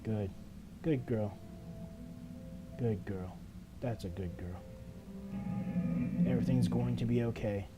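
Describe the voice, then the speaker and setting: A man voicing an eerie little ghost girl in a game, speaking softly and low in a coaxing way. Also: slow pace, long pauses, over loud music. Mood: creepy soothing. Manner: soft, low, hushed coaxing. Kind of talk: reading game dialogue aloud.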